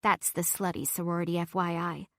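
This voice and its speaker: A woman's voice: lowish voice, flat delivery, fairly quick, fairly bright tone, no room sound. A snide college girl with a catty bite, as a woman narrator puts her on. She talks with open scorn. The sound is dry and close.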